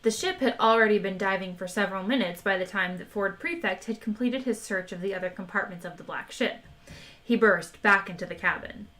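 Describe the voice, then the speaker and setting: A woman reads a comic novel aloud to her livestream, lively and expressive. She gives each line a bit of color while keeping a steady narrating voice. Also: mid-range voice, fairly quick. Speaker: livestream audiobook reader.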